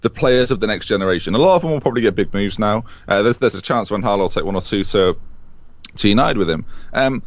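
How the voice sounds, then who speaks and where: A man's voice: fairly low pitch, fast talker, no room sound. A man co-hosting a podcast, chatting casually and jokily about football. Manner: animated, jokey, rambling. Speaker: podcast co-host.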